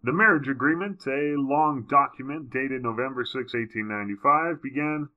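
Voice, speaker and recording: A man's voice: medium pitch, moderate pace, dull audio. A man reading a history book aloud, breaking off for wry, casual comments. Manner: wry asides between passages.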